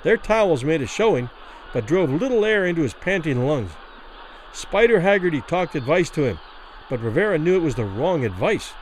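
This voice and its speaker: A man reads a classic boxing story aloud with dramatic, expressive delivery. His voice sits a little higher than most men's and rises and falls in lively waves. The pace follows the tension of the fight. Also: normal speed, a little hiss or hum, poor audio. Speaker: narrator. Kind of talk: dramatic audiobook narration.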